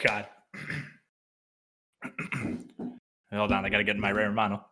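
A man's voice: lowish voice, completely flat delivery, a little slow, pauses often, pushed and bright. A man in casual comedic banter, giggling as he hands out silly impression prompts.

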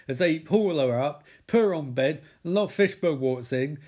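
A man recapping a TV episode with sarcastic, sweary, excitable commentary. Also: fairly high pitch, moderate pace. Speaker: comedic TV recapper.

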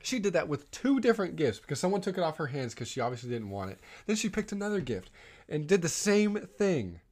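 A man's voice: fairly high pitch, sing-song, brisk, a little mellow. A man telling a rambling holiday story in casual chat, with lots of "um" and "like.". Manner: rambling storytelling with many fillers.

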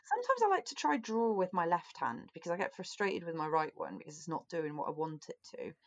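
A woman's voice: lowish voice, very animated, brisk. A woman co-hosting a podcast over a call, chatty and self-mocking, with the odd swear word. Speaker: podcast co-host. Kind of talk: casual chat.

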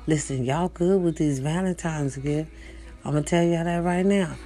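Speaking at normal speed in a low, warm voice, a woman hosts a chatty, profane livestream from home, addressing her viewers directly in casual conversation. Soft music plays in the background indoors.

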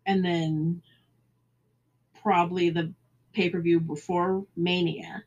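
A woman's voice: lowish voice, little pitch movement, takes it slowly, a little mellow, highs cut off. A woman co-hosting a casual wrestling podcast, wry and given to sarcastic asides. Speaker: podcast co-host.

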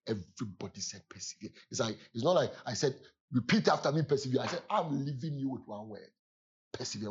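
A man preaching a sermon, telling stories from his past with sudden loud exclamations and laughter. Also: mid-range voice, slightly rough, dull audio. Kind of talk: sermon storytelling.

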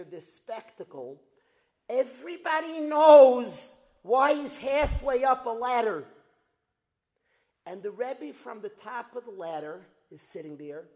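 A man teaching a religious lesson as a dramatic story, repeating phrases for emphasis and building to loud outbursts. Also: high voice, lively intonation, a little slow. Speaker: Torah teacher. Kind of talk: storytelling lecture.

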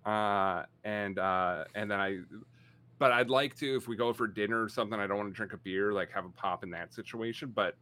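A man's voice: on the low side, brisk, bright, forceful tone. A man in his forties, co-hosting a podcast in casual chat, rambling and self-mocking. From Canada. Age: 40s. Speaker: podcast co-host.

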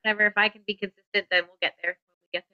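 A woman's voice: medium pitch, flat delivery, rapid-fire, clean tone, no room sound. Giggly woman guest on a dull line. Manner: chatty, uses "like" a lot, giggly. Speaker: podcast guest. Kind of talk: casual podcast chat.

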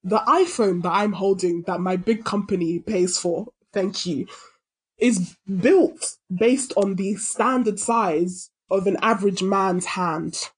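A woman's voice: medium pitch, darkish tone, husky. A British woman co-hosting a podcast, talking in an emphatic, ranting way with the odd swear. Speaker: podcast co-host. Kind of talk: casual chat.

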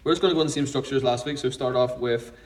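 A man's voice: mid-range voice, rapid-fire, recorded from a distance, rough recording. A man co-hosting a podcast in casual chat, blunt and sweary as he rambles through stories. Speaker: podcast co-host.

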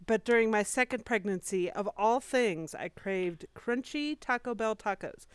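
A woman's voice: mid-range voice, lively intonation, a little slow, smooth, no echo. A woman in her thirties co-hosting a casual fan chat about a TV show, chatty and laughing at her own stories. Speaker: podcast co-host.

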